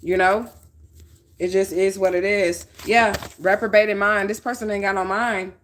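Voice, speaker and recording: A woman's voice: medium pitch, steady tone, moderate pace, slight background noise. A woman doing a casual tarot reading, talking bluntly with plenty of swearing and often checking in with "okay?". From northern United States. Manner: blunt, profane, checks in with 'okay?'. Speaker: tarot reader.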